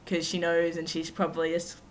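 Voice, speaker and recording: Young woman vlogger, slightly low voice, rambling self-mocking storyteller, faint hiss behind. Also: monotone, a little fast. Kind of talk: casual storytelling to camera.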